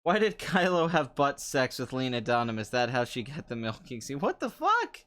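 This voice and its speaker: A young man hosting a loose chat show, answering viewer comments. He talks in a sarcastic, rambling way and laughs often. His voice is smooth and resonant, at an ordinary middle pitch. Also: normal speed, a bit bright. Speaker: podcast host.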